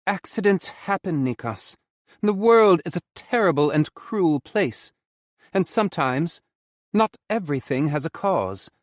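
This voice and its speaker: A male narrator voicing a tender young man who soothes his lover in a romance audiobook, speaking softly. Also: a little high, animated, measured pace, no echo, clean studio sound, voice pushed up. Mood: consoling. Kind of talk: audiobook character voice.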